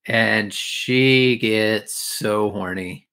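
A man's voice: on the low side, steady tone, slow, a bit bright. Rambling crude man on a podcast. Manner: rambling, crude, lots of fillers and laughs. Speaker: podcast co-host recapping an anime episode. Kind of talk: casual chat.

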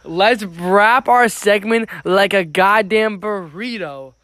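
A man's voice: high voice, slow, a bit bright. A young man co-hosting a comedy podcast, swearing constantly and drawling out his jokes while echoing his partner's words. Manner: profane, drawling, echoes his co-host's words. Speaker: podcast co-host. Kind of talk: crude casual comedy podcast banter.

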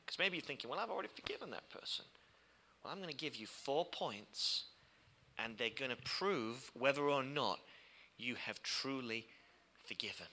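A male preacher giving a sermon, telling stories with big swings from loud, heated passages down to hushed whispers. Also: medium pitch.

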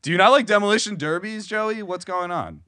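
A man's voice: sits high, brisk, pushed and bright, no echo, clean studio sound. A young man co-hosting a casual podcast, teasing his partner and swearing freely. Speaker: podcast co-host. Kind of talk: casual chat.

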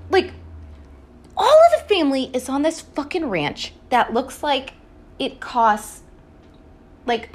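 A woman hosting a podcast, recapping a TV show in a rambling, casual way, swearing a lot and laughing often. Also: a little high. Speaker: podcast host.

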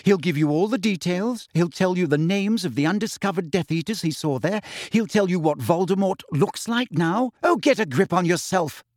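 A clever, bossy teenage girl with a crisp, sharp tongue, as a man reads her in a raised voice. She lays out her case firmly and point by point, close to a dry mic. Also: sits high, normal speed, few pauses, dry recording, voice pushed up, natural voice. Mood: insistent. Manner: crisp, scathing, firm.

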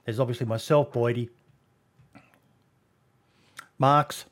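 A man's voice: mid-range voice, fairly even intonation, slow pace. An Australian man hosting a casual podcast, talking bluntly with plenty of swearing and ums. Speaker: podcast host.

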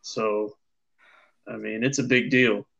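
A man co-hosting a podcast review, talking in a relaxed, meandering way, restarting his sentences often. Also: lowish voice, slow pace, gravelly, highs cut off. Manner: relaxed, rambling, with many ums and restarts. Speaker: podcast co-host. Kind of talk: casual show review chat.

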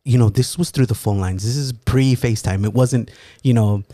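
A man from California telling a story in a casual, profane way, laughing often and slipping into lively impressions. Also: mid-range voice, normal speed, dry recording. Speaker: guest storyteller.

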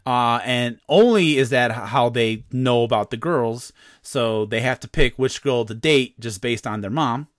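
A man's voice: mid-range voice, unhurried, no room sound, studio quality. A man hosting a comedy podcast, reading quiz questions in a playful, mock-serious way. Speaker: podcast host.

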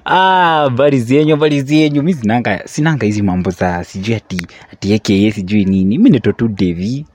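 A young man with a Kenyan accent co-hosting a casual chat podcast, playful and joking, laughing loudly. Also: on the low side, lively intonation, quick pace. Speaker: co-host. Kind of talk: casual chat, mixing English and Swahili.

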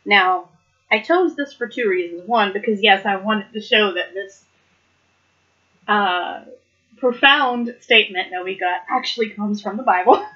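A woman's voice: mid-range voice, unhurried, sharp tone, muffled recording. Earnest woman sharing a devotional talk. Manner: earnest, reflective, laughs between points. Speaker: Bible study speaker.

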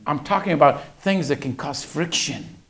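Gravelly preacher telling a family story. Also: male voice, fairly high pitch, normal speed, fairly bright tone. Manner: storytelling, acts out family dialogue. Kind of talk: sermon.

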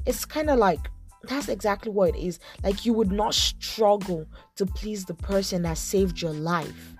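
A woman's voice: mid-range voice, normal speed, darkish tone, faint music behind. A young woman talking earnestly and casually about faith, full of filler words as she gives advice. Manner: earnest, conversational, lots of "like" fillers. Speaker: Christian vlogger giving advice. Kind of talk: casual faith talk to camera.

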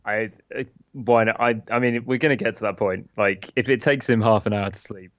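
A man co-hosting a podcast, chatting casually and relaxed, laughing between thoughts. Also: fairly low pitch, brisk, dry recording, lo-fi sound. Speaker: podcast co-host. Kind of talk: casual chat.

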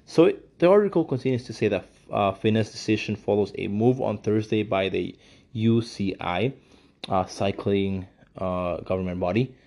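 A man's voice: lowish voice, dark tone. A man giving ranting commentary while reading from a news article, heated and profane, often repeating himself.

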